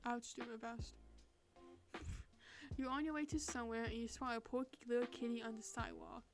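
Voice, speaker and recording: A woman's voice: a little high, fairly even intonation, brisk, music in the background. A woman streamer casually reading online quiz questions aloud and reacting with laughs and swearing. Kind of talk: casual reading and commentary while taking online quizzes.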